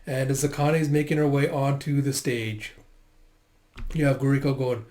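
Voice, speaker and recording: A man doing a casual read-through of a manga, reading the credits and story aloud with relaxed commentary, fillers and the odd swear word. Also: medium pitch, normal speed.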